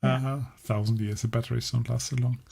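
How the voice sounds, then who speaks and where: Male game master; gravel in the voice, husky edge; measured, explanatory narration. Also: mid-range voice, level tone, warm tone. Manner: measured, explaining, often restarting his sentences.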